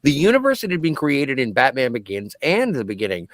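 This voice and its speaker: A male podcast host chatting excitedly and emphatically about a movie. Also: mid-range voice, brisk, no echo. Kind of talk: casual movie discussion.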